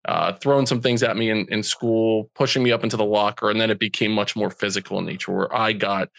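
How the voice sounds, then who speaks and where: A man's voice: lowish voice, steady tone, creaky, fairly bright tone, no echo, studio quality. A man in his forties, a podcast guest telling a personal story in an earnest, emotional way. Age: 40s. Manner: earnest, slow and emotional when recalling hurt.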